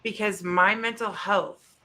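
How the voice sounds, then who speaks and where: A woman in her thirties co-hosting a chat show, talking openly and emotionally with halting restarts. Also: medium pitch, steady tone, bright, forceful tone. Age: 30s. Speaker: co-host. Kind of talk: candid personal chat.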